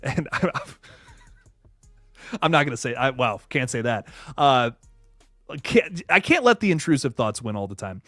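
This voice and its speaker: Lively, chatty male livestream host. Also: medium pitch, a little slow, pauses often, dry recording, clean studio sound, faint music behind. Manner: rambling, laughs a lot, frequent restarts. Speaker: YouTube host reading live chat. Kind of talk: casual livestream chat.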